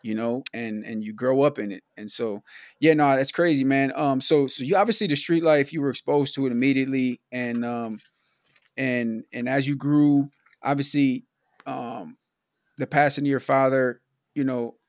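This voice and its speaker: Dude hosting a podcast, rambles and restarts a lot, says bro, dry close sound. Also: male voice, medium pitch, fairly even intonation, moderate pace, a little mellow, no room sound. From Milwaukee. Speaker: podcast host. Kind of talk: casual interview chat.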